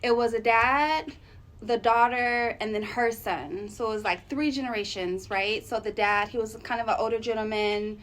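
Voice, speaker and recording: A woman telling a casual storytime on her vlog, chatty and animated with lots of fillers. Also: on the high side, normal speed, poor audio. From Arizona, USA. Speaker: vlogger.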